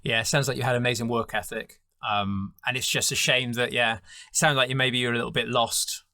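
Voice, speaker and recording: A man's voice: medium pitch, fairly even intonation, fairly quick, pushed and bright, no echo, clean studio sound. A man hosting an interview, effusive and enthusiastic in his praise as he asks questions. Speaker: interview host.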